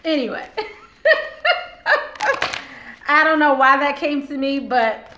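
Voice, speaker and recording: A woman's voice: high voice, slow, sharp tone, lo-fi sound. Chatty woman tarot reader, sore throat. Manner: chatty, laughs often, talks straight to viewers. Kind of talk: casual tarot reading to camera. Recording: roomy echo, faint background noise.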